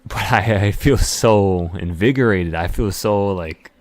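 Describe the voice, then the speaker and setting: Intense low-voiced man rambling with excitement. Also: unhurried, no echo. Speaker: trading channel host. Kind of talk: emotional motivational monologue.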